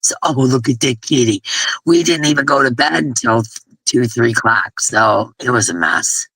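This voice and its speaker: A worn-out woman host with a gravelly, slightly husky voice that still sounds bright and forceful. She chats casually and laughs at herself, and she sounds tired from almost no sleep. The sound is dry and close. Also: rumbling low, moderate pace, no room sound. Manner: chatty, laughing, self-deprecating. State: exhausted from little sleep. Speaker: crochet channel host. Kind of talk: casual livestream chat.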